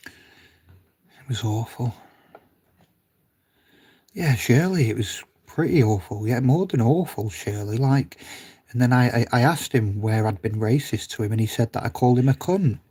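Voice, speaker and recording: A man chatting casually on a live stream, reading comments aloud, rambling, swearing freely and laughing often, sometimes dropping to a low mutter. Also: measured pace, long pauses, mellow, breathy edge.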